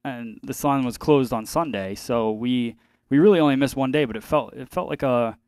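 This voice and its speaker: A man's voice: mid-range voice, moderate pace, darkish tone, clean tone, no echo, clean studio sound. Laughing podcast host man. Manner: laughs often, trails off. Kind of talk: casual chat.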